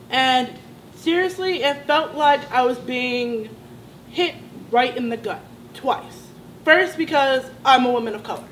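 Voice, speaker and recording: A woman's voice: high-pitched, a bit bright, slight background noise, rough recording. A young woman, a college student, giving an impassioned and emotional personal testimony at a student sit-in. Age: young adult. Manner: impassioned, emotional, rising to indignant outbursts.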